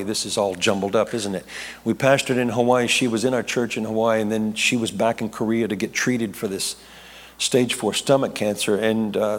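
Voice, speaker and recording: Rambling man preaching in a reverberant hall. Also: fairly low pitch. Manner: rambling storyteller, self-correcting, laughing asides. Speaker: pastor. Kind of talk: testimony sermon.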